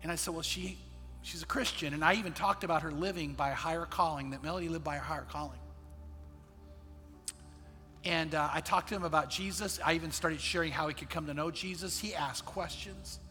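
A man, a pastor, telling a personal story in a sermon, earnest and dropping quiet in the sad parts. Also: on the high side, a little fast, in a large hall, faint music behind. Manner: earnest storyteller, quotes others in his own voice, drops quiet in sad parts.

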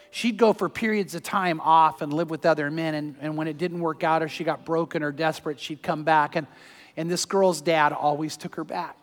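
A man preaching a sermon, telling a story earnestly and moving between loud urging and hushed, tender passages. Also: fairly high pitch, in a large hall. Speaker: pastor.

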